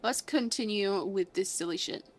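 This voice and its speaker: A woman's voice: mid-range voice, moderate pace, soft background music. A young woman streaming a game, chatting casually with her chat in a playful, sarcastic way, swearing freely and sounding sleepy.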